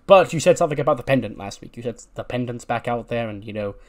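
A man's voice: mid-range voice, lively intonation, quick pace, natural voice. A man reading as a suspicious sidekick wrestler.

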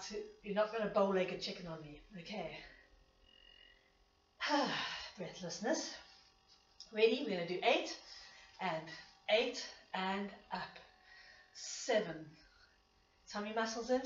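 Slow-talking woman counting pilates reps. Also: medium pitch. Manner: breathless, counts reps while exercising along. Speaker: pilates instructor. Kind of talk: exercise class instruction with counting. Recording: echoey room, distant dull mic.

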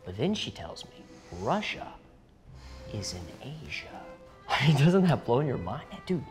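A goofy young rapper. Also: male voice, medium pitch, big pitch swings, a little slow, faint music behind. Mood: boastful. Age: young adult. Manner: laid-back slang, boastful, chatty. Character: goofy young American rapper, boastful and friendly. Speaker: rapper, landlord.

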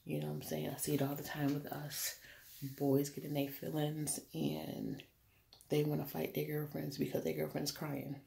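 Woman, vlog rant, heavy vocal fry, flat delivery, blunt and profane. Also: sits low, normal speed, slight background noise. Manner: blunt and profane, emphatic repetition. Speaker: vlogger. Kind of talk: casual to-camera rant.

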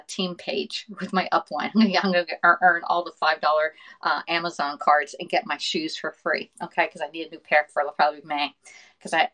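A middle-aged woman from the northern United States hosting a cooking livestream, chatting fast, laughing often and reading viewer comments aloud. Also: fairly low pitch, fairly bright tone, poor audio. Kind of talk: casual livestream chat.

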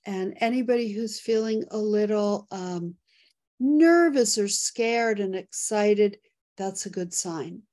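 Excitable woman hosting a live video chat. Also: mid-range voice, slow pace. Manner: excitable, laughs often while reading poll results and chat. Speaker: host. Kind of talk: casual live webinar chat.

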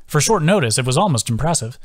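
A man's voice: medium pitch, quick pace. Man narrating a fantasy audiobook. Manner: steady storytelling. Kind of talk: scripted narration.

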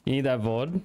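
A man's voice: mid-range voice, a little mellow. A young Australian man from rural Victoria, chatting casually to his stream audience in a loose, rambling way with plenty of swearing. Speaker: game streamer. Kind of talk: casual chat.

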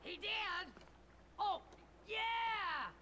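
An actress voicing a gruff, bossy older school cook in a video game who cackles as she gives orders. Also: extremely high pitch, extremely slow, sharp tone, a little hiss or hum, exaggerated voice.

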